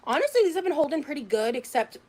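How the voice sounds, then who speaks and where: A woman's voice: high voice, very animated, fast talker, a little mellow, a little hiss or hum. A woman livestreamer talking to her chat late at night, greeting viewers by name and swearing when annoyed.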